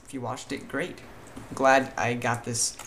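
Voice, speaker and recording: A man's voice: medium pitch, little pitch movement, unhurried, fairly bright tone, a little hiss or hum. A tired man vlogging in a vague, mixed put-on accent, talking hesitantly with many fillers and restarts. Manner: puts on a vague mixed foreign-sounding accent. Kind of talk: casual chat to camera.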